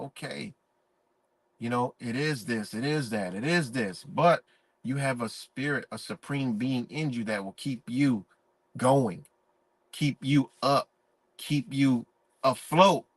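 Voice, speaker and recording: A man's voice: mid-range voice, a bit bright, breathy edge, no room sound. A man ranting in a profane, emphatic, preachy way during a live-stream monologue.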